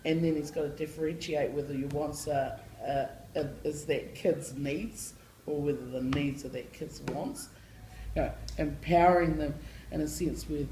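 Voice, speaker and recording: A woman's voice: low voice, fairly even intonation, moderate pace, warm tone, reverberant, slight background noise, low-quality recording. A woman who works with school students, answering interview questions in a blunt, slangy way and laughing often. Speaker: school staff member working with students.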